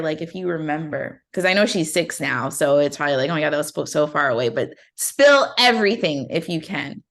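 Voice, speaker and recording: A woman hosts a podcast in a relaxed, encouraging way. She talks casually and chattily, with plenty of "like" as she leads into questions. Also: on the low side. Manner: chatty and encouraging, many "like" fillers. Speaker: podcast host. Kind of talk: casual interview chat.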